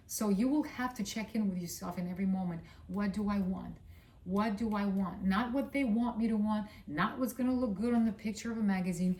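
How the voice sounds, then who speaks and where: A woman with a Russian accent giving a casual astrology reading, rambling with fillers and blunt swearing. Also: mid-range voice. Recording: roomy sound, distant from mic.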